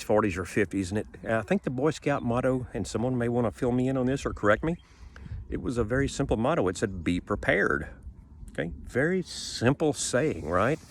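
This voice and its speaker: A man's voice: medium pitch, fairly bright tone, a little hiss or hum. A man with a stuffy, sniffling nose giving a rambling, folksy vlog outdoors in a sunny garden yard, filmed on a handheld phone. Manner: folksy, rambling, repeats himself. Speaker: homesteading vlogger.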